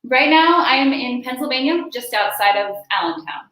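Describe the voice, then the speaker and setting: A young woman, a singer and dancer, chatting casually about her practice in quick bursts with "like" fillers, from home. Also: sits high, lively intonation, a bit bright, reverberant, poor audio. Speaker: singer and dancer, concert performer. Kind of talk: casual interview chat. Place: at home during quarantine.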